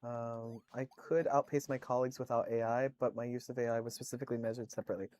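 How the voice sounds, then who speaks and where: A man's voice: medium pitch, little pitch movement, fast, a little mellow. A man streaming, chatting casually with viewers, telling rambling stories full of swearing and fillers.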